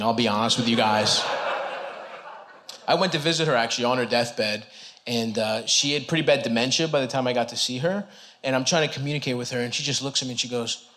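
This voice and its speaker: A man doing a stand-up comedy set on a club stage, talking casually to the crowd, often laughing and punching lines up loud. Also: mid-range voice, background noise. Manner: conversational, breaks into laughter, punches up lines with sudden loud jumps. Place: comedy club stage before a live audience.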